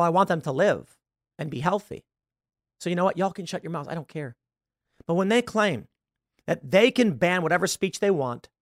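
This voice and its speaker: A man delivers a commentary monologue with a lively, swooping voice that sits a bit high. He rambles and fills gaps with "uh" and "like". The sound is close and dry, with no room. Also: no echo. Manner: animated, rambling, with many fillers. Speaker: show host.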